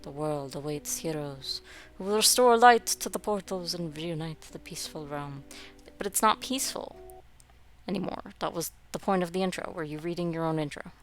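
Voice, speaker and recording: A woman's voice: deep voice, normal speed, soft background music. A young woman giving wry, sarcastic commentary while playing a building game. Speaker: game streamer. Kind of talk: gameplay commentary.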